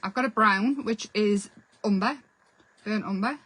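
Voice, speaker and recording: A woman's voice: mid-range voice, unhurried, a bit bright, husky, no echo, rough recording. A woman hosting a casual painting tutorial, chatty and self-deprecating as she explains while she works. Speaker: craft channel host.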